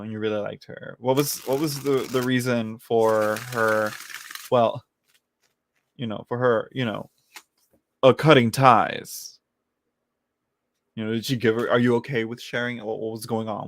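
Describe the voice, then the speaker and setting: A man hosting a live tarot reading, talking to viewers in a loose, chatty way. He giggles often and keeps trailing off mid-sentence and starting again. His voice sits at an everyday middle pitch and sounds dry and close, with no room around it. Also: steady tone, moderate pace, dry recording. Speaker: tarot reader answering viewers. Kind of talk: casual live-stream chat.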